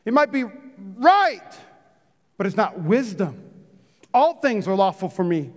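Man, pastor, high voice, animated sermon, loud-to-hushed swings, joking with congregation, long hall reverb. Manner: animated, swings from loud punchy lines to hushed low ones; chatty, jokes with the congregation. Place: church sanctuary.

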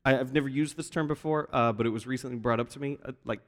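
A man's voice: medium pitch, quick pace. A male pastor giving a sermon in a church, telling the story with animation and acting out the quoted voices. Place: church sanctuary. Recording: long reverb of a large hall.

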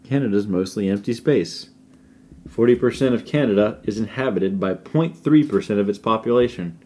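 A man's voice: lowish voice, moderate pace, dark tone. Joking young man in casual banter. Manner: joking, laughs often, swears. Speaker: podcast co-host.

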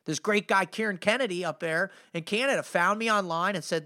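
A man's voice: high voice, brisk, few pauses, pushed and bright. A middle-aged man hosting a motivational podcast, telling a story in a fired-up, slangy way and saying "man" a lot. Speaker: podcast host and motivational speaker. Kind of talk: energetic storytelling monologue.

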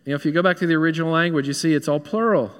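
A man's voice: on the high side, rapid-fire, long reverb tail. A man with a Southern US accent, a pastor preaching an earnest, conversational sermon in a church. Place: church sanctuary.

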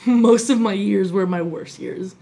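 A woman with a slight New York accent, co-hosting a casual podcast chat, animated and swearing freely. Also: mid-range voice, takes it slowly, creaky. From Tampa, Florida. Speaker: podcast co-host.

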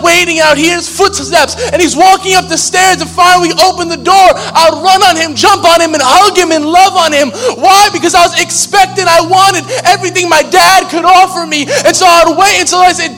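Impassioned preacher shouting in a big hall. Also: male voice, very high-pitched. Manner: impassioned, rising to shouts, repeating phrases. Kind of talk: sermon. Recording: long reverb of a large hall with music.

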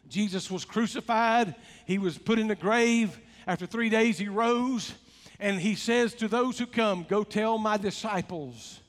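Male pastor, high-pitched, lively sermon delivery, churchy reverb. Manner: animated preaching, drops to soft hushed tones for quoted words. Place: church sanctuary. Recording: long hall reverb, faint music.

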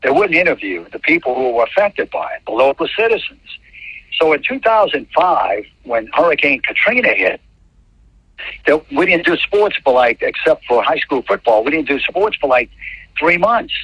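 A husky-voiced man from New Orleans tells an interview story, restarting and repeating words as he goes. His voice has a dull, lo-fi quality, and the recording is dry and close. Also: a little high, sing-song, moderate pace, a bit bright, no echo. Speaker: TV sportscaster.

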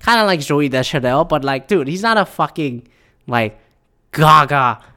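A man's voice: fairly high pitch, animated, unhurried, sharp tone. A young man in a casual, rambling opinion rant, heated and full of profanity.

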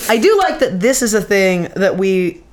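A woman co-hosting a podcast in casual chat, rambling and swearing freely. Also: fairly high pitch. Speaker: podcast co-host.

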